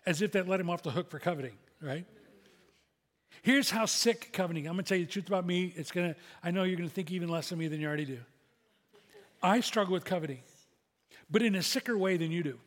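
A man's voice: high-pitched, quick pace, pauses often, long reverb tail. A man pastor delivering a sermon in a conversational, self-deprecating way.

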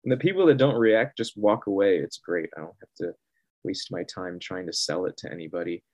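A man chatting casually as a guest, animated and laughing often, acting out other people's reactions. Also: sits low, brisk, no room sound. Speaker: guest artist. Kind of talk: casual storytelling.

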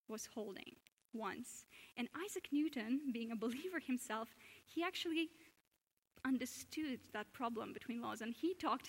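A woman giving an earnest public lecture at a church, asking questions and often restarting her sentences. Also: high-pitched. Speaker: speaker giving a talk at a church. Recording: long hall reverb.

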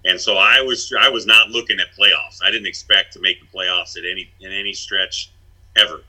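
A man's voice: low voice, steady tone, moderate pace, bright, forceful tone, rough recording. A middle-aged man, a former basketball head coach, telling stories in a blunt, self-deprecating way. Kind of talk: casual chat.

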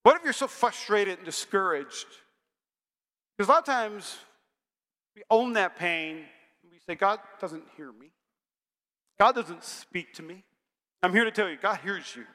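A man preaching a sermon in a church, energetic and humorous, rising now and then to shouts. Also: sits high, a little slow, pauses often. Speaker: pastor. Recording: long hall reverb.

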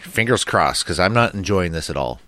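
A man co-hosting a casual podcast, chatting and telling stories, his voice a little deeper from allergies. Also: lively intonation, normal speed, pushed and bright, no room sound, clean studio sound. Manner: chatty, self-deprecating storyteller. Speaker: podcast co-host.

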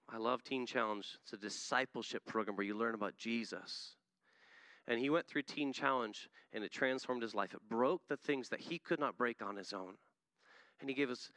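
A man's voice: mid-range voice, pushed and bright, dry recording. A man preaching a sermon in an earnest manner, often building to emphatic peaks. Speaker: missionary preacher.

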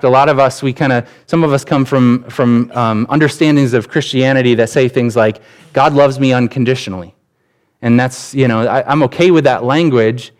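A man in his thirties, a pastor, preaching a sermon in a conversational way, with personal stories and frequent restarts. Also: mid-range voice.

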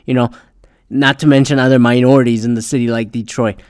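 A man's voice: medium pitch, flat delivery, fast, darkish tone, no echo, clean studio sound. A young man telling a story in a rambling, casual way, swearing often and filling gaps with "uh" and "like.". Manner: rambling, heavy swearing, frequent fillers.

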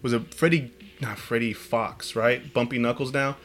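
A man's voice: medium pitch, fairly even intonation, normal speed, a bit bright, faint music behind. A man hosting a casual podcast chat, telling rambling stories and swearing freely. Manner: rambling storytelling, frequent swearing.

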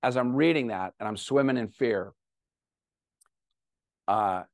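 A middle-aged man giving a talk to an audience, telling a personal story with animated, self-deprecating humor. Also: mid-range voice, measured pace, no echo, clean studio sound. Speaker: guest speaker.

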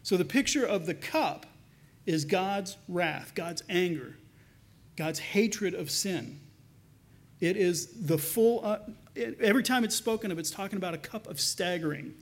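A pastor preaching a sermon in an earnest, conversational way, slowing down to read scripture with emphasis. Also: male voice, sits high.

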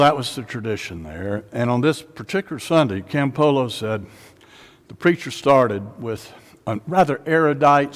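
Man preaching, mid-pitched voice, rising fervent refrains, long hall reverb. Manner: builds to rising call-and-response preaching. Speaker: pastor. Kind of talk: sermon. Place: near-empty sanctuary preaching to a camera.

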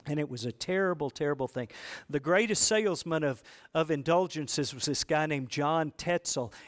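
A man preaching a history sermon, telling stories with swings between loud drama and low emphasis and asking the congregation questions. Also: normal speed. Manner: asks the congregation rhetorical questions. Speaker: preacher teaching church history.

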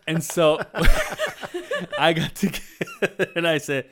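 A man's voice: a little high, takes it slowly, pauses often. A man co-hosting a podcast in casual chat, telling stories with acted-out voices and frequent laughter. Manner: animated storyteller, acts out voices, laughs a lot. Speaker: podcast co-host.

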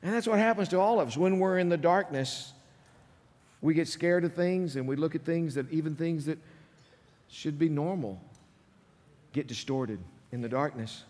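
Pastor guy preaching, kinda high voice, gets loud then goes quiet, big echoey church hall. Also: normal speed, long pauses. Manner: animated preaching, swinging between loud and hushed. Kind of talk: sermon. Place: church sanctuary. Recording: long reverb of a large hall.

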